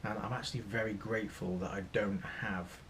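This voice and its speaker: A man's voice: on the low side, fairly even intonation, brisk, a bit bright, a little hiss or hum. A man from Norfolk, England with an East Anglian accent, chatting casually in a vlog and rambling a little as he mocks himself. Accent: East Anglian English. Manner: rambling, self-mocking, trying out accents. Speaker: vlogger. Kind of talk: casual chat.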